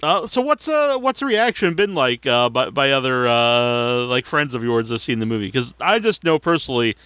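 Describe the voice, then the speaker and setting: A man's voice: mid-range voice, sing-song, moderate pace, pushed and bright, clean tone, no room sound. A man hosting a podcast, asking questions eagerly and laughing along with his guest. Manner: eager, chatty interviewer who laughs along. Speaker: podcast host. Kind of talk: casual interview chat. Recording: dull, dry lo-fi audio.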